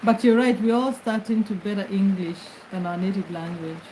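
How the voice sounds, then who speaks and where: A woman's voice: medium pitch, steady tone, normal speed, dark tone, slight background noise, rough recording. A middle-aged woman from Kenya, chatting casually as host of her livestream from her bed and laughing often as she greets commenters. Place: bedroom, lying on her bed.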